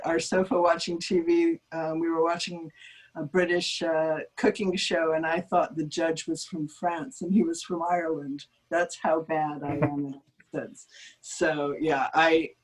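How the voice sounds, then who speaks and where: A woman's voice: fairly low pitch, poor audio. A woman, a linguist, chatting as an interview guest over a video call, talkative and self-deprecating with frequent ums. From United States. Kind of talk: conversational interview.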